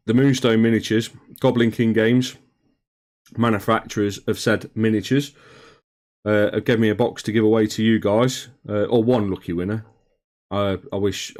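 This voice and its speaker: A man's voice: fairly low pitch, darkish tone. A man chatting casually on a live hobby stream, greeting viewers by name, calling them mate and swearing now and then. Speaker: streamer reading chat. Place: home hobby room.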